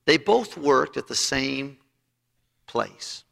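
A male pastor preaching with a gravelly, forceful voice. He is emphatic and tells stories, often restarting his phrases. His sermon rings with the long reverb of a church auditorium. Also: mid-range voice, expressive, slow.

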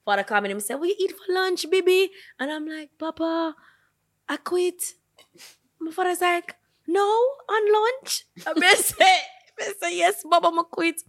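High bright woman, laughing chat. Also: normal speed. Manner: lively and laughing, drops into quoted voices. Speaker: podcast co-host. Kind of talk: casual chat.

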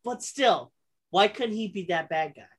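A woman co-hosting a casual podcast chat, talking in an animated way with many fillers and restarts. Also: mid-range voice, unhurried. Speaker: podcast co-host.

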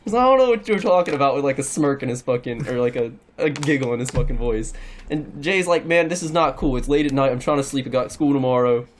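A man's voice: medium pitch, fairly even intonation, brisk, a little hiss or hum. A young man telling a long story in casual chat, rambling, laughing and swearing a lot.

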